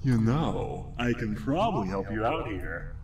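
A man's voice: on the low side, sing-song, a little slow, a little mellow, reverberant, far from the mic. A man playing a sly, falsely friendly game companion. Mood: teasing. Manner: mocking, coaxing.

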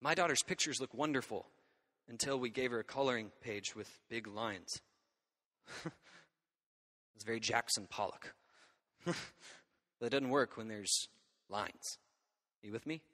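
Animated man preaching in a reverberant hall. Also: mid-range voice, a little slow, long pauses. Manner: animated, conversational preaching with frequent check-ins to the audience. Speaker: pastor. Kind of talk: sermon. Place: church hall.

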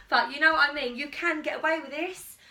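A woman's voice: high voice, pushed and bright. A woman vlogging casually at home in a chatty, rambling, enthusiastic way while trying on clothes. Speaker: fashion vlogger. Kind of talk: casual try-on haul chat. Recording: echoey room, distant mic.

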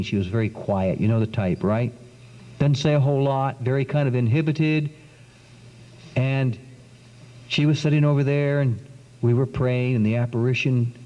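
A middle-aged man giving a religious testimony talk, telling his story with lively acted-out quotes. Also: mid-range voice. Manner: animated storyteller, acts out quotes. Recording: dull 1990s recording in a reverberant hall.

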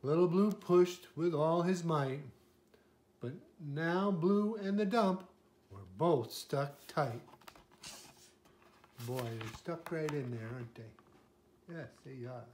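An older man, a grandfather, reading a picture book aloud in a gentle way and pausing to point out the pictures. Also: on the high side.

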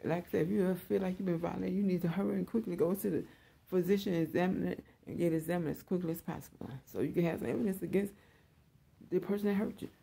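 Husky, gravelly woman ranting bluntly. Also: fairly low pitch, steady tone, quick pace, mellow. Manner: blunt, profane, repeats herself. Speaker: online show host. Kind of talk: unscripted opinion monologue.

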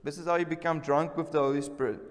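A man's voice: a little high, fairly even intonation, quick pace. Man preaching in a reverberant church. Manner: emphatic, repeats key words, calls for responses. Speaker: pastor. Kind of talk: sermon. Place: church service.

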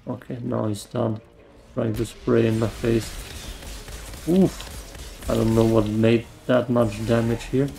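Slow-talking gravelly German-accented man. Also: medium pitch, flat delivery, dark tone, a little hiss or hum, poor audio. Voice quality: vocal fry. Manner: rambling, joking asides while playing. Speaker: gamer. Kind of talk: gameplay commentary.

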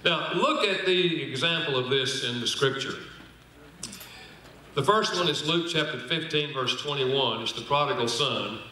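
Bright-voiced man in echoing hall. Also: medium pitch. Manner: folksy, humorous, slows down to stress points. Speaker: speaker on marriage and apology. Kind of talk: church seminar talk. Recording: very echoey hall.

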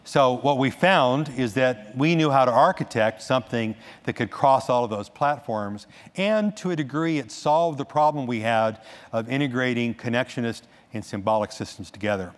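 A man giving a conference talk on stage, animated, restarting sentences and adding asides as he goes. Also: medium pitch, moderate pace. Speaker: conference speaker. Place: large conference hall. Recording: echoey hall reverb.

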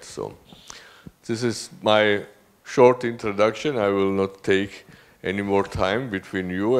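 A man hosting an event gives a short spoken introduction, halting and hesitant, with many fillers and restarts. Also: sits low. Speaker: event host.

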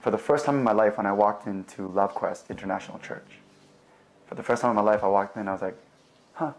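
A young man telling his faith testimony in a relaxed, conversational way, with fillers and replayed conversations. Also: fairly low pitch, quick pace. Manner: animated, acts out both sides of remembered conversations. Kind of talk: personal storytelling.

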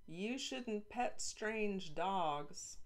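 A woman reading aloud, voicing a bossy, smug young girl who talks briskly. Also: mid-range voice, expressive, voice pushed up. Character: bossy know-it-all freckled young girl.

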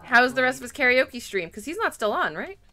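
A woman's voice: high-pitched, very animated, a little fast, pushed and bright. A young woman streaming a video game, chatty and giggly as she reacts to her chat. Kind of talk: live gameplay commentary.

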